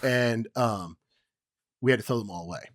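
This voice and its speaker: A man's voice: lowish voice, normal speed, no room sound, studio quality. Rambling young man telling a story. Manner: rambling, many ums, acts out quotes loudly. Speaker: podcast co-host. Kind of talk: casual chat, personal story.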